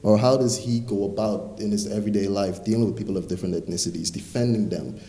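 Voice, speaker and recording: A man's voice: on the low side, fairly even intonation, quick pace, warm tone. A man, an actor, earnestly talking through his character's dilemma with rhetorical questions in an interview. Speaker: actor in a stage play. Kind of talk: interview chat.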